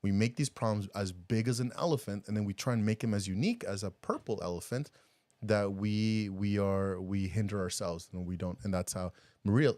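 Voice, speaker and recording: A man co-hosting a podcast in casual chat, animated and rambling, laughing often and restarting his sentences. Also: lowish voice, a little fast, no room sound. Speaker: podcast co-host.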